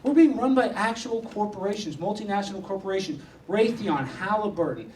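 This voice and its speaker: Male provocateur, fairly high voice, brash talk in a university hall, distant mic with faint hiss. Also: lively intonation, a little fast. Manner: mocking, swings from loud rants to mutters. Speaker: guest speaker. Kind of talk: provocative live speech.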